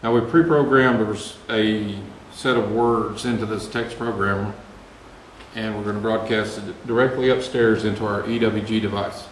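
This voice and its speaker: Easygoing male ghost hunter walking through gear, lower voice, recorded in an echoey room with a hum. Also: fairly even intonation, normal speed. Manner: explanatory, easygoing. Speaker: paranormal investigator demonstrating equipment. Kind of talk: casual equipment demo. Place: indoor room with equipment table. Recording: roomy echo with mains hum.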